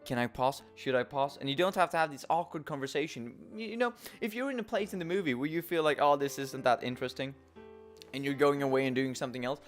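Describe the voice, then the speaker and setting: A man's voice: on the high side, expressive, quick pace, faint music behind. A young man giving tongue-in-cheek advice in a rambling, self-mocking vlog with wry asides. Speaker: vlogger.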